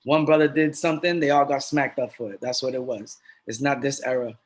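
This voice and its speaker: A man's voice: mid-range voice, little pitch movement, fairly quick. A middle-aged man talking earnestly and casually as a podcast guest, streetwise and given to repeating himself. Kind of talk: casual conversation.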